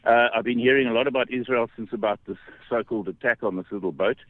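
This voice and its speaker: A man's voice: mid-range voice, quick pace, no echo. A man calling in to a radio show. He is out of breath from walking uphill and argues in an impassioned, rambling way. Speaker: caller. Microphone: phone. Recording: tinny phone line.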